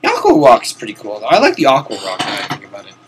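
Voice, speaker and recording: A young man chats his way through a video game on stream, his pitch swinging widely as he rambles, mocks himself and mutters. He sounds a little tired, and a faint hiss sits under his voice from a home desk mic. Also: huge pitch swings, very fast. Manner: rambling, self-mocking, swears casually, mutters to himself. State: tired, yawning. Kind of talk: casual let's-play commentary. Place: home room, seated at a desk.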